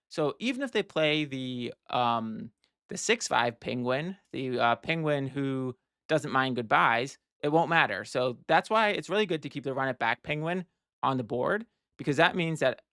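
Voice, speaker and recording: A man's voice: mid-range voice, a bit bright, dry recording, clean studio sound. A man walking through a card game match, explaining his plays step by step and thinking aloud with restarts and fillers. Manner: explanatory, plans moves step by step. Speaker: card game strategy teacher. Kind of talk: casual gameplay walkthrough.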